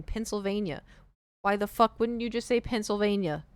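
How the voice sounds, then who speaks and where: A woman's voice: mid-range voice, moderate pace, smooth, no room sound. A woman with a Southern accent chatting casually as a streamer while she plays, ranting and mocking how people pronounce words. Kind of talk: casual chat while gaming.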